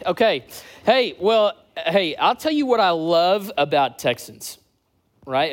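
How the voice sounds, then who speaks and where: A man in his late thirties, a church community director from the US East Coast, telling stories and bantering with a church crowd. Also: on the high side. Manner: lively storytelling with crowd banter.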